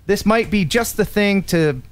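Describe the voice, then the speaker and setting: Male live-stream host, a bit high-pitched, casual and playful. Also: measured pace.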